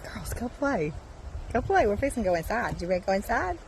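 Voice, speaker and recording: A Southern woman from Alabama coos and calls to her farm animals in a lively, swooping voice. She is outdoors, with faint background noise and a mic that is sometimes far off. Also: medium pitch, fast talker, gravelly. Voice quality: sing-song baby talk to animals. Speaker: homestead vlogger. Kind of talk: casual talk to farm animals.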